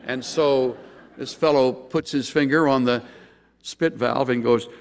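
A middle-aged man preaching a sermon as pastor, an animated storyteller who acts out quoted lines with big jumps in pitch. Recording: long hall reverb.

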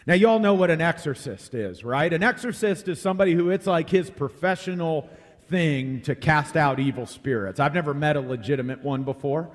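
A man's voice: fairly high pitch, lively intonation, brisk, dry recording. A man preaching a sermon in a conversational, folksy way, often repeating words as he explains a Bible passage. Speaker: pastor.

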